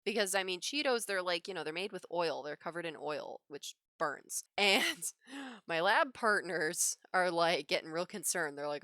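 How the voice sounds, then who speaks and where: A woman's voice: fairly low pitch, measured pace, clean tone, no echo, clean studio sound. A woman livestreaming her digital drawing, telling a casual story with frequent laughs. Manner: animated, laughs often between phrases. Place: home drawing setup.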